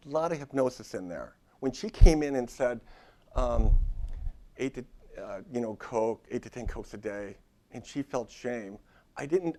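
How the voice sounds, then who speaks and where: A man's voice: mid-range voice, mellow. Conversational male therapist lecturing. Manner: conversational, frequent restarts. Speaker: therapist giving a workshop talk. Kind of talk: informal lecture. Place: university lecture room.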